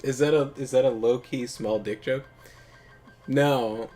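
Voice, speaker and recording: A man's voice: mid-range voice, fairly even intonation, a little slow, mellow. A man hosting a casual gaming commentary, rambling through crude jokes and laughing often. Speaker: let's play host.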